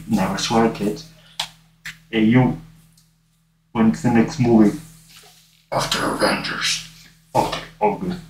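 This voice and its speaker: A man playing Deadpool, slow and roomy. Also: lowish voice, a little mellow. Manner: rambling, jokey, mock-begging. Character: irreverent wisecracking masked male antihero. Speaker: cosplayer livestreaming. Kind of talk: livestream chat in character. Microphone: phone on livestream. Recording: echoey room, far from mic, noisy.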